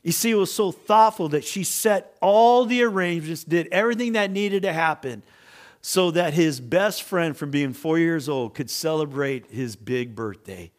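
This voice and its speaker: A man's voice: on the high side, moderate pace. A middle-aged man preaching a sermon as pastor, telling stories with acted-out voices and building to emphatic points. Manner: animated storyteller, acts out voices, rising to emphatic preaching.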